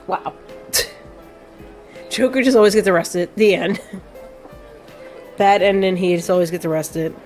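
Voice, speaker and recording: A woman's voice: lowish voice, slow, long pauses, a little mellow, faint music behind. A young woman giving rambling, sentimental commentary on a game as a let's play host, with many fillers. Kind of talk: casual gameplay commentary.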